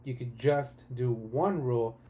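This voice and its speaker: A man hosting a live-streamed software tutorial, talking casually and enthusiastically, often adding "right?" and restarting his sentences. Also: mid-range voice, a little slow, slight background noise. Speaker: tutorial host.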